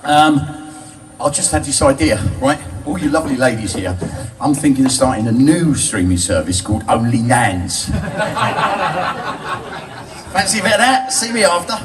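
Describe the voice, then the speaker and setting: An older man, telling stand-up stories. His talk is crude and cheeky, and he laughs at his own jokes. He sounds far from the mic, with a loud bar crowd around him. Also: mid-range voice, big pitch swings, measured pace, pauses often, background noise. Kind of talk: live stand-up storytelling.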